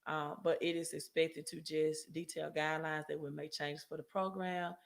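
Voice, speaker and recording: A woman's voice: low voice, level tone, moderate pace, creaky. A woman hosting a casual finance livestream, talking loosely to viewers, often checking in with "right?" and correcting herself mid-sentence. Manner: chatty, frequent "right?" tag questions and self-corrections. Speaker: credit and finance livestream host.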